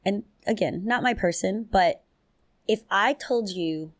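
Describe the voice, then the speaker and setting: A woman hosting a solo podcast in a casual, chatty way, with lively jumps in pitch, frequent laughs and loose slang. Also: a little slow, no room sound. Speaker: podcast host.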